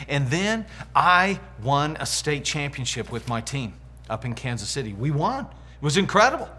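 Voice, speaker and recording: A man's voice: on the high side, moderate pace. A middle-aged man giving a motivational leadership lesson, telling stories and acting out what people said. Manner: animated storyteller acting out quotes. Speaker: leadership coach. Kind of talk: motivational teaching talk.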